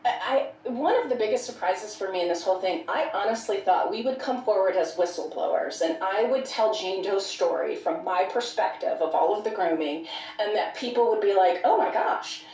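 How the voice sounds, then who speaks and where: A woman's voice: medium pitch, normal speed, darkish tone, roomy sound, far from the mic, low-quality recording. A woman speaking as a podcast guest in casual conversation, outspoken and passionate.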